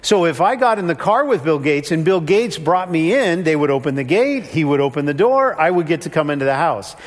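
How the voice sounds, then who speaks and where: A pastor with a slightly high voice and lively intonation preaches at a fairly quick pace. His sermon is conversational, and now and then he acts out the voices of the people he quotes. A long hall reverb surrounds the recording.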